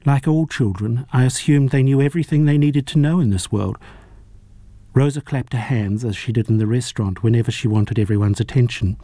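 A man narrating a novel as an audiobook reader, in a measured, even storytelling manner. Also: medium pitch, dry recording. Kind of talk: audiobook reading.

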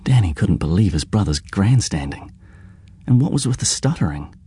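A man reading a novel aloud in a measured, even storytelling voice. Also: deep voice, slightly rough, no room sound, clean studio sound. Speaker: audiobook narrator. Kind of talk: scripted narration.

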